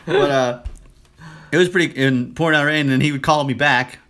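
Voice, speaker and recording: A man's voice: on the high side, normal speed. A man co-hosting a podcast, telling rambling stories in casual chat and acting out quoted lines. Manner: rambling storyteller, quotes himself and others in animated bursts. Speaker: podcast co-host.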